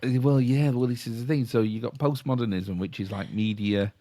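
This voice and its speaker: A man's voice: mid-range voice, fairly quick, mellow, no room sound. A middle-aged man with a Yorkshire accent, co-hosting a casual podcast chat and explaining ideas in a rambling, self-interrupting way with chuckles. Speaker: podcast co-host.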